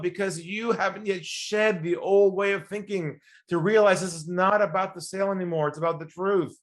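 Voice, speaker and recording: Animated male sales coach storyteller. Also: high voice, normal speed, hardly any pauses. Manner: animated, acts out both sides of calls. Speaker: sales expert guest. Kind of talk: storytelling interview talk.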